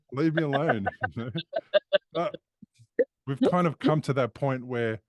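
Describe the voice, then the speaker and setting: A man's voice: lowish voice, no room sound. A man as an interview guest, talking openly and emphatically about recovery in casual conversation. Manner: open, frank and emphatic.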